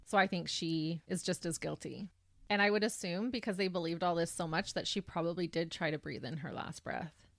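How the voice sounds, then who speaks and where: A woman co-hosting a true crime podcast, telling the details of a case in a casual conversational way that turns animated when she reacts. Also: on the low side, fairly quick, vocal fry, no room sound, clean studio sound. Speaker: podcast co-host.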